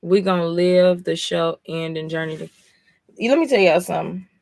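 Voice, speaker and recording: A woman talking casually on a live stream, tired after a long session, excitable and full of swearing. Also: fairly low pitch, moderate pace, creaky, dry recording, studio quality. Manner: excitable, profane, emotional. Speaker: live-stream comic reader.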